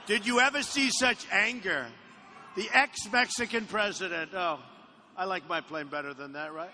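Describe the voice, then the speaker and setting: Addressing a crowd in an aircraft hangar, a male presidential candidate brags and rambles, circling back to the same phrases. He sits high in pitch at a normal speed, and the recording is echoey with faint background noise.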